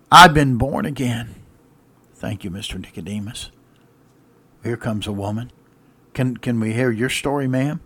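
A man preaching a sermon, acting out the stories of people Jesus helped in first-person monologues, swinging from loud to hushed. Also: mid-range voice, dry recording. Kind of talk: dramatic sermon with character monologues.

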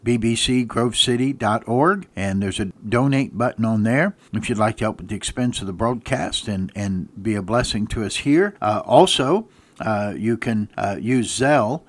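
A man's voice: on the low side, normal speed, no echo. A man, a pastor, preaching a radio sermon and hammering points home with repeated rhetorical questions and answers. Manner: emphatic, repeated call-and-response questions. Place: church radio broadcast.

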